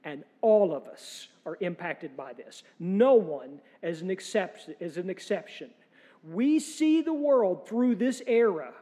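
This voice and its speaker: A man's voice: sits high, lively intonation, unhurried, warm tone, breathy edge, in a large hall. A man preaching a sermon as pastor, earnest and emphatic, with rhetorical questions and dry humor. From United States.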